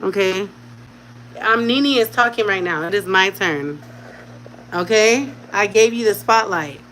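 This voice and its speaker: A woman's voice: mid-range voice, measured pace, fairly bright tone, slight background noise, rough recording. A woman at home talking in casual vlog chat while caring for a baby, slipping into doting baby talk as she coaxes an infant to speak. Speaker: vlogger.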